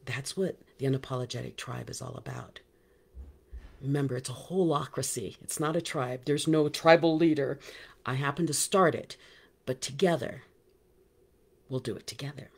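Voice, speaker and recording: Husky, chatty woman hosting a live call. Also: a bass voice, normal speed. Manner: animated, chatty, addresses listeners by name. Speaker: motivational speaker hosting a live group call. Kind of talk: casual live-stream talk to an online group.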